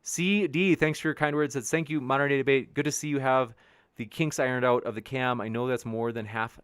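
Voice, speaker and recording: A man's voice: mid-range voice, fairly even intonation, fairly quick, a bit bright, clean tone, no room sound, clean studio sound. A man hosting a debate show live stream, reading viewer comments in a rambling, upbeat way, with many restarts. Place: home studio with a backdrop sheet behind.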